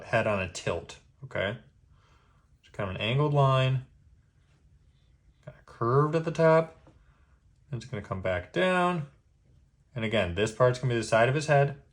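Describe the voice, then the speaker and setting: A man giving a step-by-step drawing lesson, patient and easygoing, checking in with a quick "okay?" after each step. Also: mid-range voice. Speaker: drawing instructor.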